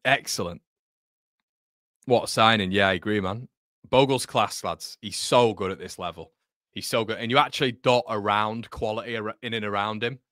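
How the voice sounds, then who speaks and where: A man hosting a live football watchalong, commentating excitably and bantering with his chat. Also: on the low side, moderate pace, dry recording, studio quality.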